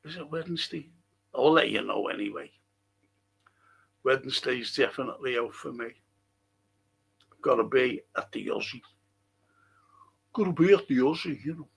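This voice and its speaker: A man's voice: mid-range voice, expressive, moderate pace, vocal fry, pauses often, a bit bright, husky. A man hosting a casual livestream, rambling as he reads viewers' chat comments aloud and swears now and then.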